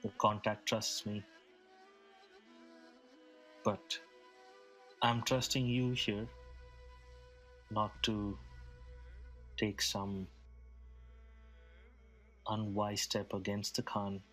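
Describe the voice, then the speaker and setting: A man playing a calm, persuasive desert traveler. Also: lowish voice, faint music behind. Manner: measured and reassuring.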